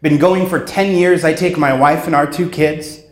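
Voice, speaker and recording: A man giving a keynote speech at a conference, telling a story with dramatic pauses and acted-out sounds. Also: a little high, steady tone. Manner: dramatic storyteller, acts out sounds and voices, slows for emphasis. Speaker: keynote speaker. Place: conference hall. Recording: echoey hall sound.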